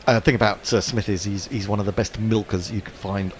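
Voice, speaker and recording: A man's voice: fairly low pitch, steady tone, fairly quick, slight background noise. A man co-commentating on cricket, reading listener messages aloud and laughing a lot. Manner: laughs often, reads tweets aloud. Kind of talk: casual commentary chat.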